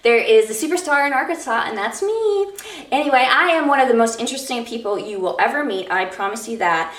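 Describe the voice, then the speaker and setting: Upbeat woman with a Minnesota accent, fitness business owner pitching herself, recorded off-mic in a roomy space. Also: animated, a little fast, a bit bright. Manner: upbeat, self-promoting. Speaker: fitness entrepreneur. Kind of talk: casual self-introduction to camera. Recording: roomy, from a distance.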